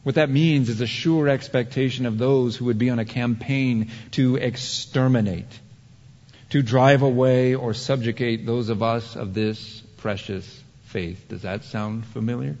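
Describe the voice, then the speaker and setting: A man preaching a sermon, swinging from heated emphasis to hushed, drawn-out points. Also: medium pitch, steady tone. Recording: dull muffled sound with long hall reverb.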